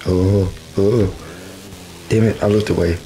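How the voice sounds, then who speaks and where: Hoarse low-voiced man commenting on a race game. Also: fairly even intonation, takes it slowly, dark tone, slight background noise, rough recording. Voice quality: rough, smoker-like. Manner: chatty, laughs often, exclaims at the race. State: hoarse, voice going out. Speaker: gaming channel host. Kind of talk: casual gameplay commentary.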